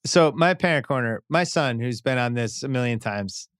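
A middle-aged man with an even, mid-range voice chats with a relaxed, wry ease as a podcast co-host. The close, dry mic leaves no room sound at all. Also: mid-range voice, moderate pace, dry recording. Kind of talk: casual chat and read ad.

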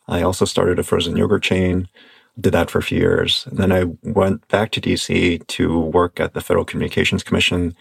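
A man's voice: low-pitched, gravelly, slightly rough, dry recording, studio quality. A man in his forties, an interview guest, listing things in a matter-of-fact way. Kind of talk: interview answer.

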